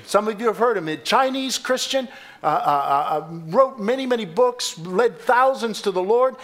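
A pastor delivers his sermon in a fairly high male voice. He preaches emphatically, bursting into loud exclamations and then dropping to hushed asides. He tells stories with repeated words and restarts along the way. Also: expressive, normal speed.

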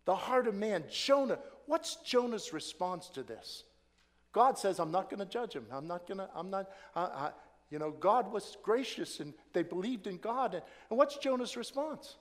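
A man preaching a sermon with great drama, swinging between hushed whispers and shouted praise and acting out quoted prayers. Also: high-pitched, lively intonation, moderate pace, in a large hall. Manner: acts out quoted prayers with rising passion.

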